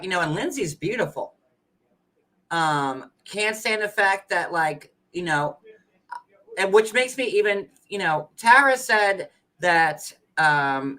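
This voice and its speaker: A man's voice: sits high, pushed and bright, poor audio. A man hosting a casual live chat, rambling with lots of filler words. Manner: rambling, heavy use of "like" fillers. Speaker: host.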